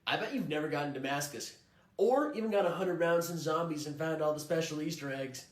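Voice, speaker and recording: A man playing a condescending, sexist male gamer customer who talks low and dismissively. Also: brisk, reverberant, lightly acted. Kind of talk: comedy skit.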